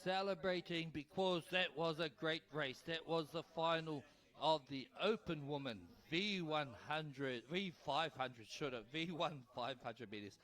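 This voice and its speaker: A man calling a canoe race live as announcer, excitable and urging the crowd to cheer. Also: a little high, unhurried. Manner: excitable, urges the crowd, tongue-tied at times. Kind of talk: live sports commentary. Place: outdoor regatta venue.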